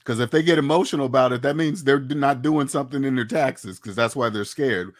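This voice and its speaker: A man's voice: medium pitch, brisk. A man giving casual, blunt commentary on money and taxes, lecturing his viewers with many rhetorical questions. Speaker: finance commentator. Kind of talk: casual opinionated talk to camera.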